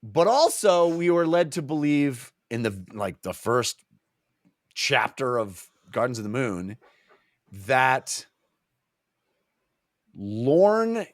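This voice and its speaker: A man co-hosting a casual book club podcast, animated and jokey, acting out scenes as he recaps them. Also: mid-range voice, takes it slowly, pauses often, no echo, studio quality.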